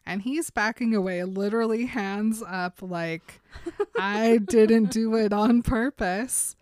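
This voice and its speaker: A woman in casual chat, retelling a story with lively acted-out quotes. Her voice is close and dry, with no room sound. Her pitch sits in the middle range. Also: takes it slowly, clear, resonant tone, no echo. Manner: animated retelling, acting out characters' lines. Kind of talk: casual book recap chat.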